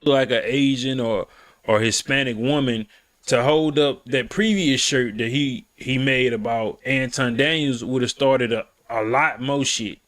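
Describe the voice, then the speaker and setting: A man talking through his view at a measured pace in a casual podcast chat. His voice sits in an ordinary middle pitch. He checks in with his listeners as he goes. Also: fairly bright tone. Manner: measured, drawn-out reasoning, says "you feel me".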